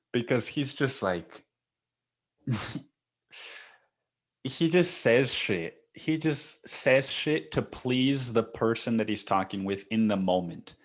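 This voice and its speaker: A man hosting a podcast, telling stories in a casual monologue, swearing often and laughing between lines. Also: mid-range voice. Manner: profane, laughing storyteller. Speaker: podcast host.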